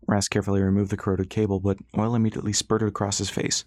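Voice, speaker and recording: A man reading a novel aloud in a low, steady voice, measuring each sentence with calm storytelling pace. The sound is dry and close, with no room around it. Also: racing, no room sound. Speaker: narrator. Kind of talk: scripted audiobook narration.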